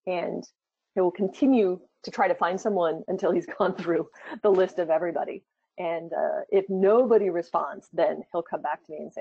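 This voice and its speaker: Lady walking thru a software demo, chatty, lots of ums, dry muffled recording. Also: normal speed, gravelly, slightly rough, no echo. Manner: chatty, thinking aloud with fillers. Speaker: product presenter. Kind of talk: live product demo, conversational. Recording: dull low-fidelity sound.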